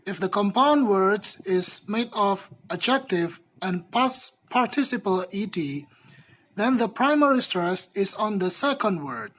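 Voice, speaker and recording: Young woman student reading her class talk, slow and careful, little grammar slips. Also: mid-range voice, expressive, a bit bright, low-quality recording. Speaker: student presenter.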